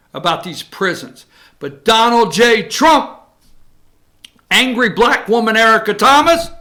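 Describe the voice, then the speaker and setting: A man's voice: very high-pitched, pushed and bright. A male talk show host giving emphatic, opinionated commentary and cueing his producer between clips. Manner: ranting, emphatic, cues the producer.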